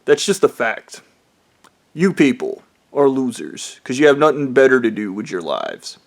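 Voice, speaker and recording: A man's voice: mid-range voice, big pitch swings, moderate pace. A man vlogging a profane, rambling monologue in a bitter, aggrieved tone. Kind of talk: ranting monologue.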